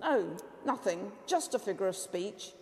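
A woman's voice: mid-range voice, very animated, measured pace, darkish tone, long reverb tail. A woman reading aloud voices a hot-tempered, blustering male village priest, protesting and indignant.

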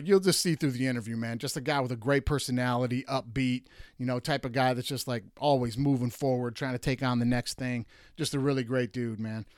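A man from Detroit hosting a sports show, ranting with exasperated emphasis and jumping up high when he mocks. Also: smooth, no room sound, clean studio sound. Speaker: podcast host. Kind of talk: animated sports rant.

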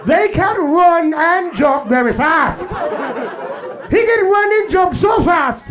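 A man's voice: extremely high pitch, expressive, slow, crowd noise, full character voice. A man voicing a stiff, clinical male nature-documentary narrator in a mock-formal tone. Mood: mock-solemn.

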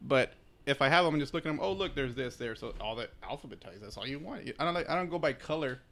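A man guesting on a podcast, chatting casually and telling rambling, animated stories. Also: mid-range voice, fast talker. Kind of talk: casual chat.

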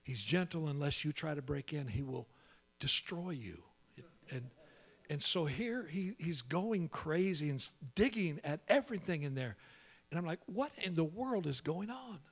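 A male pastor telling a humorous story in a sermon, animated and full of quick restarts. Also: a little high.

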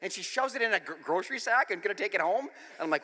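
A pastor giving a humorous, self-deprecating sermon with an animated storytelling manner, speaking in a church. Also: male voice, high-pitched, fast talker, long reverb tail. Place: church in the speaker's home city.

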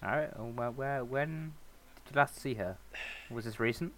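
A man playing in a tabletop role-play, quick to joke and banter. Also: mid-range voice, a bit bright. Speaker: player.

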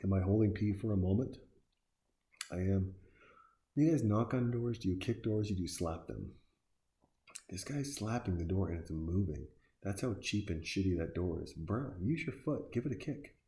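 A man's voice: low voice, lively intonation, moderate pace, dark tone. A man giving casual, sarcastic and profane reaction commentary, talking back at the screen as he watches.

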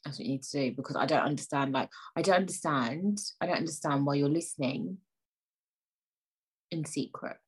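Young woman, podcast host, low husky voice, rambling playful indignation, near-whispered asides. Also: fairly quick. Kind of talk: casual solo podcast chat.

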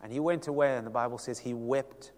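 A man with a mid-range voice delivers a sermon as a pastor, speaking a little fast. He tells the story dramatically, moving between loud and hushed passages, and the sound is that of a big room.

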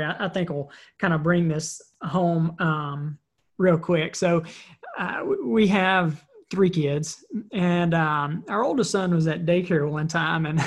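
A woman giving a motivational talk, telling a personal story in an energetic, conversational way and often repeating words. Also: fairly low pitch, husky. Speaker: motivational speaker.

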